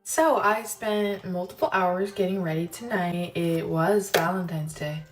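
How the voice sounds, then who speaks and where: A woman's voice: lowish voice, unhurried. A young woman recording herself late at night, candid and tired, talking casually with some swearing. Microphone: self-recorded on phone. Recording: distant mic over clear music.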